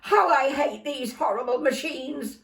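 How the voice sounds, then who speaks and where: A woman's voice: sits high, wildly swooping pitch, takes it slowly, roomy sound, recorded from a distance, voice pushed up, exaggerated voice. An older woman reading a storybook, voicing a harried mother who wails in exasperation. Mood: exasperated. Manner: exasperated, wailing.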